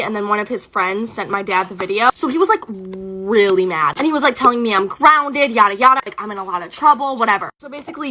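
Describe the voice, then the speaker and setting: A woman's voice: fairly high pitch, background noise. A teenage girl telling a storytime about her own life in a casual, rambling way, full of fillers and self-conscious asides. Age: teens.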